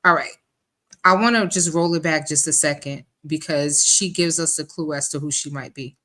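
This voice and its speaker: Woman streamer-host, low but bright-toned voice, relaxed commentary to the chat. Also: normal speed. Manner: chatty, addresses chat as y'all. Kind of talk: livestream commentary.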